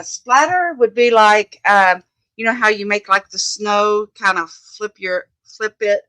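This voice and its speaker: A woman's voice: medium pitch, bright, forceful tone, no room sound. A woman hosting a casual crafting live stream from her home desk, chatting as she works, greeting viewers by name and thinking aloud. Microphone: phone.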